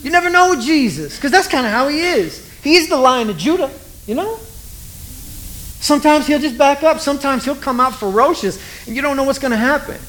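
A man's voice: extremely high pitch, a bit bright, a little hiss or hum, rough recording. A man preaching a sermon in a loose, conversational storytelling way, full of asides to the audience. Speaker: pastor.

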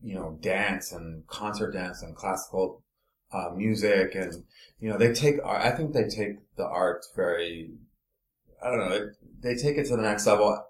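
A man from Los Angeles, a guest in an interview, telling his career story in an animated, meandering way. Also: sits low, measured pace, roomy sound. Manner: animated storytelling, trailing off and restarting. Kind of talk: casual conversational interview.

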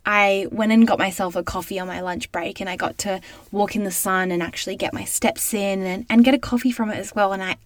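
A woman's voice: medium pitch, fairly even intonation, a little fast, few pauses, no echo. A young woman hosting a solo podcast, talking earnestly and effusively with many restarts, recorded on a microphone in a small wardrobe. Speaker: podcast host. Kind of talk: casual solo podcast monologue. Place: small clothes wardrobe at home.

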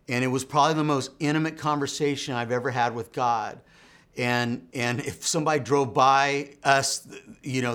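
A man with a Texan accent, a minister telling an emotional personal testimony in an earnest storytelling way, dropping to a hushed voice when quoting dialogue. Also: medium pitch.

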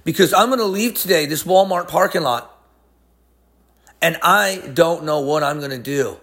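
A man preaching a sermon, emphatic, swinging between high excited lines and low hushed ones. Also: normal speed.

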